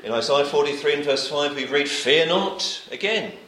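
A man preaching a sermon, reading scripture aloud and repeating his points, often letting his phrases drop to a quiet close. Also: a little high, animated, moderate pace, echoey room, low-quality recording.

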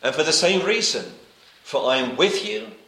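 A very animated man with a fairly high voice preaches at normal speed, reading old scriptural wording and reinforcing each point through repetition. His bright, clear sound rings out across an echoey church hall before a congregation. His sentences frequently settle into a soft, hushed finish.

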